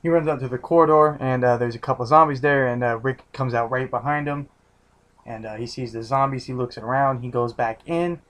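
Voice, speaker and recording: A man's voice: medium pitch, fairly quick, fairly bright tone. A man giving a casual, rambling recap of a TV episode, restarting his sentences often and swearing freely. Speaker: TV episode reviewer.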